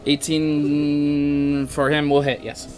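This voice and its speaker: A man running a tabletop game as dungeon master, calling turns and narrating combat briskly. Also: fairly high pitch, completely flat delivery, over loud music.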